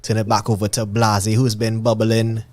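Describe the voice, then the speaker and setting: A man's voice: on the low side, monotone, normal speed, darkish tone. A man with a Trinidadian accent hosting a live music radio show, with easy, slangy patter between tracks.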